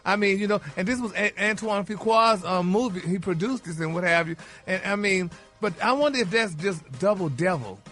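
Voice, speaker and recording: A man's voice: high-pitched, a little fast, bright, forceful tone, soft background music. A man delivering celebrity gossip on a morning radio show, flamboyant and full of "honey" and "y'all".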